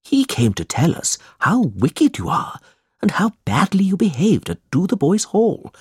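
A gentle, generous old benefactor, as a man voices him in a storybook reading. His lines rise and fall broadly, slightly husky, heard close and dry in the recording. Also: high-pitched, wildly swooping pitch, a little slow, no echo, voice pushed up, heavily acted. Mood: earnest.

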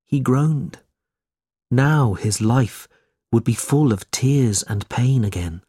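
A man's voice: mid-range voice, darkish tone, breathy edge, no echo, studio quality. A man reading a simplified story aloud as narrator.

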